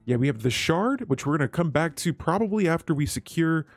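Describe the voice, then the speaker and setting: A man's voice: a little high, lively intonation, a little fast, no echo, soft background music. A man hosting a strategy game let's play, chatting casually with his viewers as he clicks through menus. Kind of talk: gameplay commentary.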